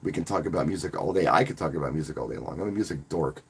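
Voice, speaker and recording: Husky-voiced man chatting on a live stream. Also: extremely low pitch, racing. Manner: rambling, friendly, repeats words when restarting. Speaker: wedding DJ and channel host. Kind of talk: casual live-stream talk.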